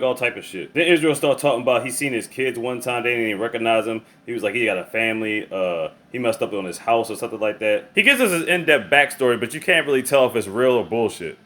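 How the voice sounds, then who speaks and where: A man casually recapping a movie plot in slangy, profane, animated storytelling, acting out the characters' lines. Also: mid-range voice. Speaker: movie reviewer.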